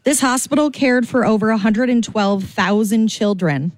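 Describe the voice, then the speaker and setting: A woman's voice: a little high, normal speed, a little mellow, no echo. A female radio co-host in a morning fundraiser chat, chatty and playful with a self-deprecating humor.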